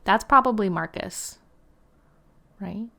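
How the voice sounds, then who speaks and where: Speaking slowly in a gravelly, sharp, mid-range voice, a twenty-something gaming channel host rambles through her gameplay commentary. She fills it with "like" and "um," laughs now and then, and sometimes whispers.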